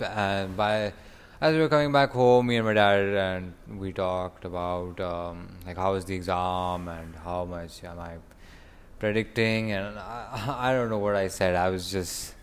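A man's voice: on the low side, clear, resonant tone. A young man in pain telling a rambling, frustrated casual vlog from outside his home. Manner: rambling, frustrated, stopping to groan. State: in stomach pain. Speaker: vlogger. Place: outdoors away from home. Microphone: phone recording app.

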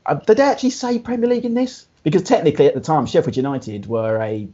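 Man, relaxed podcast co-host, rambling and husky, slightly muffled recording. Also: a little high, quick pace. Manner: relaxed, laughs easily, rambling asides. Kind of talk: casual chat.

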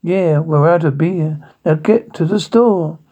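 A man's voice: a little high, unhurried, mellow, breathy edge, muffled recording. A man doing dopey, whiny pig brothers. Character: dim-witted lazy male pig brothers.

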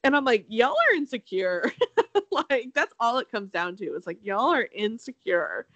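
Animated, chatty young woman with a dry sound. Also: normal speed, no room sound, lo-fi sound. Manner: chatty, laughs often, acts out quotes with big pitch jumps. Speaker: podcast co-host. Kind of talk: casual chat recapping a reality show.

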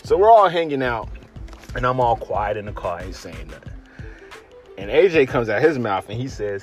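A man, a podcast host, telling a story casually, slangy and animated, acting out his friends' lines. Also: medium pitch, moderate pace, long pauses, soft background music.

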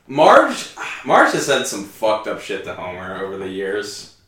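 A man co-hosts a podcast, teasing his friends with crude jabs. His pitch leaps in a lively way. A strong, roomy echo hangs on every word. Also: a little slow. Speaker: podcast co-host. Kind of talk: casual chat. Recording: very echoey room.

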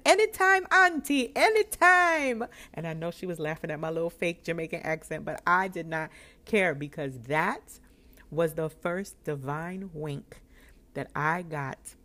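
A woman's voice: low voice, a little slow. A woman in her thirties from New York, hosting a podcast and telling a personal story, acting out the dialogue with laughs. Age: 30s. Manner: animated, acts out dialogue with laughs. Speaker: podcast host.

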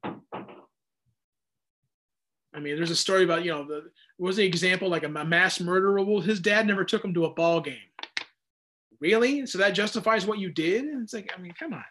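A man's voice: sits high, fairly quick, long pauses, fairly bright tone. A man in his thirties, a pastor, giving a conversational sermon with frequent restarts and self-deprecating asides. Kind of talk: sermon, Bible teaching.

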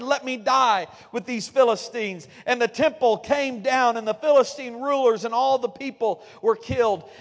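High-voiced preaching man in a reverberant hall. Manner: preaching, rising to fervent shouts at the climax. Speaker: pastor. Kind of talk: sermon. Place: church sanctuary. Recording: long reverb of a church hall.

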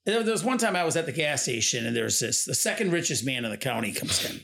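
A man's voice: mid-range voice, expressive, fast, gravelly, fairly bright tone. A man from Michigan, a guest on a casual podcast, telling rambling anecdotes and often chuckling. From Michigan, USA. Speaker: guest, convention organizer.

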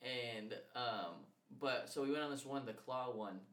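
A man's voice: medium pitch, unhurried, fairly bright tone, reverberant, recorded from a distance. A man in his twenties co-hosting a podcast, swearing often and laughing through his casual stories. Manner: profane, laughing storytelling. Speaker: podcast co-host. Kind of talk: casual chat.

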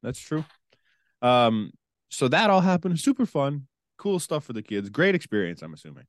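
A man co-hosting a sports podcast, talking in a casual, animated way with quick asides and frequent laughter. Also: mid-range voice. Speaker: podcast co-host.

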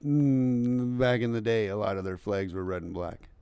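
A man in his thirties co-hosting a casual podcast chat, an animated storyteller who laughs a lot. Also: on the low side, moderate pace, clear, resonant tone, dry recording, lo-fi sound. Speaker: podcast co-host.

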